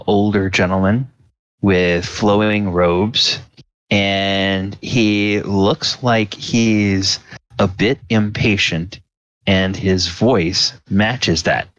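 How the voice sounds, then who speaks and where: A man narrating a tabletop game as game master, slow and halting, with many fillers. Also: sits low, a bit bright, no echo, muffled recording.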